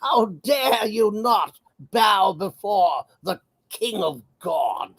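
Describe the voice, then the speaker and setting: A man's voice: high-pitched, expressive, very slow, husky, dry recording, pitched above the performer's own voice, full character voice. A man putting on a pompous posh British diplomat. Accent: posh British, put on. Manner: haughty, shouting in mock outrage.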